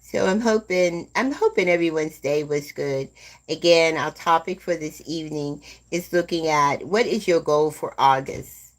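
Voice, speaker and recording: A woman in her seventies hosting a live stream, chatting slowly and gently with viewers and calling them "my dear love.". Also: low-pitched. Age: 70s. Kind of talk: casual chat with live viewers.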